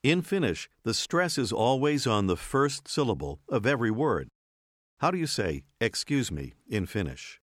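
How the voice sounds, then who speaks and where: A man narrating a language course in a clear, measured teaching voice. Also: medium pitch, very animated, no room sound, clean studio sound. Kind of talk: scripted instructional narration.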